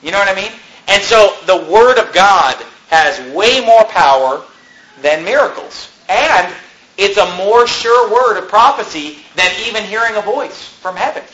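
A man preaching a sermon as pastor, animated and conversational, firing off rhetorical questions to his congregation. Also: high voice, measured pace, echoey room, rough recording. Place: church.

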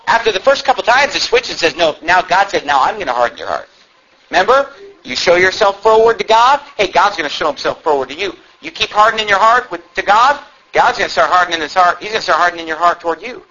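A man preaching a fervent sermon, swinging from loud cries to low, emphatic asides. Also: highs cut off.

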